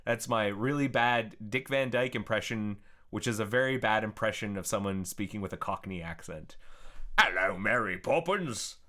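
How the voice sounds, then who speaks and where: A man chatting casually as he codes on a live stream, thinking aloud in a relaxed way. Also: lowish voice, normal speed, hardly any pauses. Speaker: software developer streaming his work. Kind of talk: casual live-coding narration.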